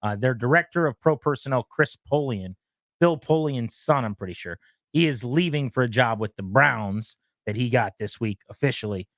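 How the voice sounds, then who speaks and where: A man hosting a sports talk radio show, running briskly through team news and notes. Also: medium pitch, animated, dry recording.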